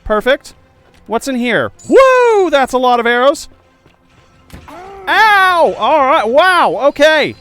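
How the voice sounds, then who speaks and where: A young man playing a video game and commenting, excitable, jumping from loud yelps to quiet muttering. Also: very high-pitched, unhurried, faint music behind. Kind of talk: let's play commentary.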